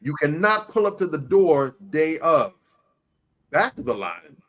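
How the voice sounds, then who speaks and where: A fairly high-voiced man hosts a casual podcast with a preachy, emphatic delivery. He poses rhetorical questions and answers them himself, leaning hard on key phrases. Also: animated, a little slow, fairly bright tone. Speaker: podcast host.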